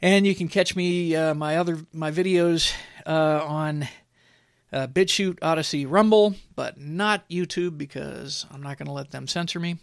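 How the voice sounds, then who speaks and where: Blunt, somewhat high-voiced male podcaster. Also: a little slow, creaky, no echo, studio quality. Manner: conversational, filler-heavy, blunt. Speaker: podcast host. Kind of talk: opinion commentary monologue.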